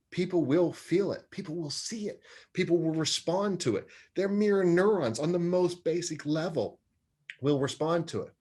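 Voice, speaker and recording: A man's voice: a little high, darkish tone. A man in his forties, a sports psychologist talking as an interview guest, earnest and expansive, often laughing at himself. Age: 40s. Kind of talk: conversational interview.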